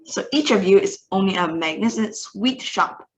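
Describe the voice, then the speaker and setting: A woman reading a storybook aloud, voicing a tiny, furious female witch leader who shouts and shrieks her orders. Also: medium pitch, a little slow, natural voice, poor audio. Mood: scornful. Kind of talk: read-aloud storybook acting.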